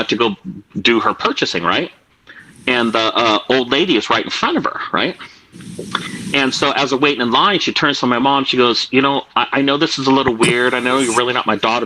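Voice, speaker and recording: A man's voice: medium pitch, bright, forceful tone, poor audio. A man on a video call telling a long rambling prank story to friends, with lots of fillers and acted-out quotes. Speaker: storyteller in an online group call. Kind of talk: casual anecdote told to a group.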